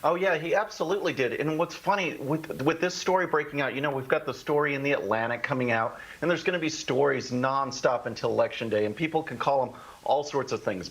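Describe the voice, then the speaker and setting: Husky emphatic male political commentator. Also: medium pitch, fairly bright tone, rough recording. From Texas. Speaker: show host, guest commentator.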